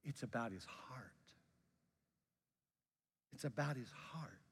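A man preaching, voicing a calm, gentle teacher who speaks softly and without hurry. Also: medium pitch, takes it slowly, husky, big-room sound, pitched below the performer's own voice, heavily acted.

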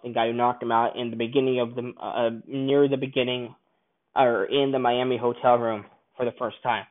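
A man casually reviewing a film, rambling and enthusiastic, often restarting his sentences. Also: medium pitch. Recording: tinny phone-like sound.

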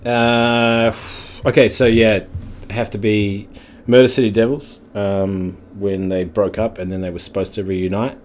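Laid-back low-voiced New man. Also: little pitch movement, a little slow. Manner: laid-back, swears often, laughs through stories. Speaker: podcast guest. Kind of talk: casual chat. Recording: faint background noise.

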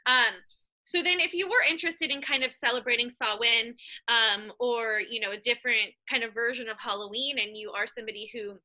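A woman's voice: fairly high pitch, steady tone, fairly quick, sharp tone. A woman co-hosting a podcast, chatting casually and joking, with frequent filler words. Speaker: podcast co-host. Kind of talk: casual chat.

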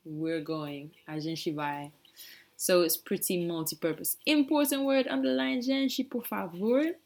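A woman, a native English speaker, teaching phrases in a casual, playful lesson and repeating words slowly for learners. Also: fairly low pitch, creaky, a little mellow. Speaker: language teacher.

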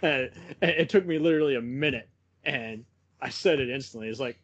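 A young man talks films in a loose, rambling way, breaking into laughter between thoughts. His voice sits at an ordinary middle pitch. It's relaxed podcast chatter among friends. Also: brisk, muffled recording. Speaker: podcast co-host. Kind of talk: casual film chat.

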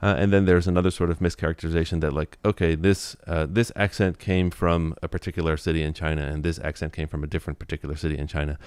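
A man with a very low, clear and resonant voice. He explains things in a casual, thoughtful way, often restarting his sentences. The sound is close and dry, with no room echo. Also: level tone, fast, hardly any pauses, darkish tone. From United States. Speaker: guest, Taiwanese language teacher. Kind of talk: casual interview.

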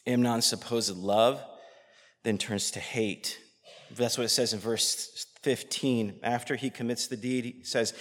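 Man, pastor, sermon, middle-pitched voice, passionate, loud then hushed, long church reverb. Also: a little slow. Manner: impassioned, swinging from loud outrage to hushed near-whispers.

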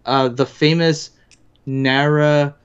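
A man from New Jersey co-hosting a casual podcast, making wry quick asides. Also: on the high side, steady tone, smooth, dull audio. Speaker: podcast co-host. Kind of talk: casual chat.

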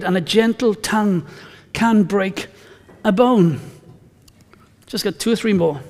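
High-voiced male pastor, reverberant hall. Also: darkish tone. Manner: conversational, anecdotal, emphatic scripture reading. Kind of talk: sermon.

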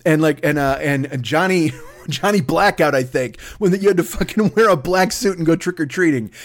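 Male podcast host, high animated voice, foul-mouthed comic rant. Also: moderate pace. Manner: profane, animated. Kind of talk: comedic rant.

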